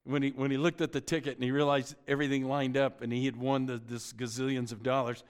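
A man's voice: medium pitch, level tone, fast, smooth. A middle-aged man preaching a sermon, telling the story with joking asides and often restarting his sentences. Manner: frequent stammered restarts. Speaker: pastor.

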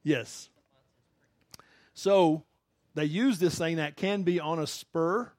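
A middle-aged pastor delivers a relaxed, chatty sermon, often laughing and acting out the quotes he tells. His voice sits a little high for a man. The sound is dry and close. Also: slow pace, no echo.

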